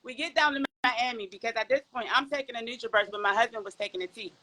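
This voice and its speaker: Pittsburgh-accented woman, podcast guest, bright and animated, a bit high, over a video call. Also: quick pace, poor audio. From Pittsburgh, Pennsylvania. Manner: animated, talks to the audience as y'all, folksy. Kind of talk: casual testimonial chat.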